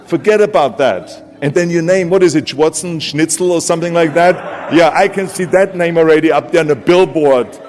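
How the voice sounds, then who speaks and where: A man's voice: a little high, normal speed, few pauses, darkish tone, slight background noise, natural voice. A man with a German accent imitating a sneering Hollywood agent who mocks a newcomer. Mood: scoffing. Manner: sneering, incredulous, mocking. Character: mocking male Hollywood agent scoffing at a newcomer. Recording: long hall reverb with faint music.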